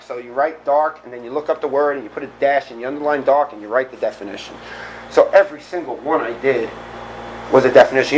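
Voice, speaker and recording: A middle-aged man giving a candid, animated personal recovery talk, often laughing at himself. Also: high-pitched, a little hiss or hum, low-quality recording. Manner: candid, animated storytelling with self-deprecating laughs. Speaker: recovery meeting speaker.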